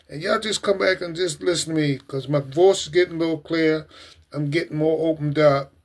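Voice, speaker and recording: A man hosting a casual livestream, talking earnestly and emotionally to his viewers, often repeating himself and addressing them as ladies and gentlemen. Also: fairly high pitch, moderate pace. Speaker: livestream host.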